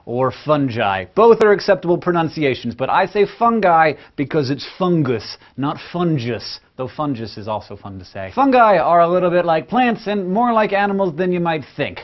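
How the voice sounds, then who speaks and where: Man, science show host, upbeat and playful, emphatic delivery, fairly high voice, slightly dull lo-fi sound. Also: big pitch swings, fairly quick, few pauses. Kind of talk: scripted educational narration.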